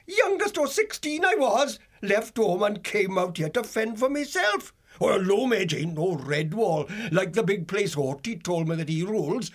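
A man's voice: sits high, very animated, a little slow, few pauses, exaggerated voice. An actor playing a lonely, talkative old male dormouse with rustic folksy speech in a storybook drama. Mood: chatty. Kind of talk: full-cast audiobook acting.

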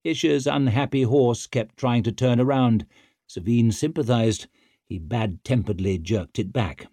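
A man narrating an audiobook in an expressive, dramatic storytelling manner. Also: medium pitch, unhurried, no echo. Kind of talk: scripted narration.

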